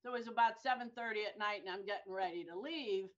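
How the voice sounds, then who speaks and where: Woman, podcast guest, animated storyteller, repeats words, lo-fi muffled sound. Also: mid-range voice, fast talker. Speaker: guest, real estate brokerage manager. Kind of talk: telling an anecdote in a podcast interview.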